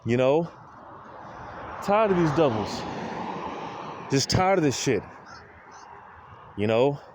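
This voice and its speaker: A man's voice: on the high side, big pitch swings, slow, noisy background. A man preaching an informal monologue, weary and full of grievance, leaning on "man" and "you know" again and again. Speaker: street preacher.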